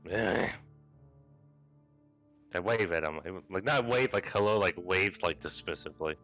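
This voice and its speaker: A man's voice: low-pitched, lively intonation, a little slow, fairly bright tone, soft background music. A man playing in a tabletop game, talking casually and animatedly, grumbling and swearing freely. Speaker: player.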